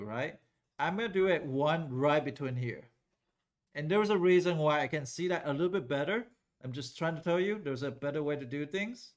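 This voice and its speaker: A man leads a live classroom calculus lesson, his voice sitting a bit high. He talks loosely and conversationally, pausing often to check whether the students are keeping up. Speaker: calculus teacher.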